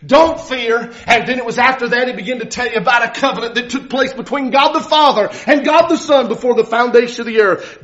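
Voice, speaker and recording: A male preacher delivering a fervent, dramatic sermon, often shouting and acting out the voices of biblical figures. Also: very high voice, fairly quick, hardly any pauses. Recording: dull lo-fi recording.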